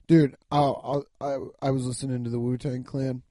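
A young man hosting a casual solo podcast, rambling loudly and profanely while lying down and yawning. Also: mid-range voice, flat delivery, normal speed, no room sound, studio quality. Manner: loud, rambling, profane, laughing at his own jokes. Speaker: podcast host.

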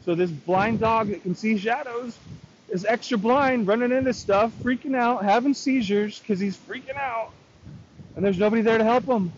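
A man's voice: sits high, moderate pace. A man telling a rambling, frustrated story in a casual vlog, often quoting himself in dialogue. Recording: lo-fi with loud background noise.

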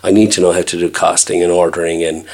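Middle-aged Irish restaurateur, very deep voice, easy anecdotal chat. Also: male voice, little pitch movement, quick pace, vocal fry, darkish tone. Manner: chatty storyteller, acts out quoted dialogue. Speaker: restaurant owner and chef. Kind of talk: casual interview chat.

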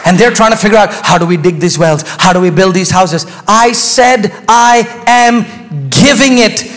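A man preaching a sermon as pastor, swinging from hushed asides to shouted climaxes. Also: sits high, brisk. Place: church sanctuary. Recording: hall reverb.

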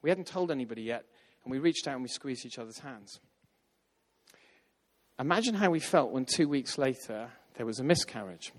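A man telling a story in a sermon, lively and acting out the voices of the people in it. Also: mid-range voice, normal speed. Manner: animated, acts out quoted voices. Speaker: preacher. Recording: long hall reverb.

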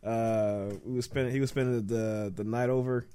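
A man's voice: medium pitch, steady tone, normal speed, dark tone, clean tone. A man from the in casual chat, telling stories in a rambling, slangy way and laughing often.

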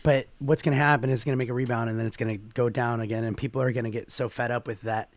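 A man co-hosting a podcast in casual chat, reading out listener comments and jumping into excited high bursts. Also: rapid-fire. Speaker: podcast co-host.

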